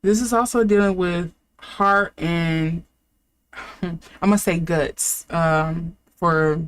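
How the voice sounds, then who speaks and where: A woman's voice: lowish voice, steady tone, takes it slowly. A young adult woman giving a casual tarot reading, thinking aloud with fillers and restarts. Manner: chatty, thinking aloud, with fillers and self-corrections. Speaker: tarot reader.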